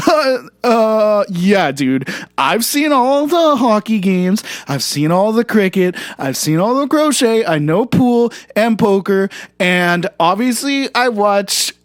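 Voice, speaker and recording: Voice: medium pitch, very animated, takes it slowly, few pauses, no echo, studio quality. A performer voicing a boastful, crude male frog athlete in improvised comedy banter, rambling and cocky.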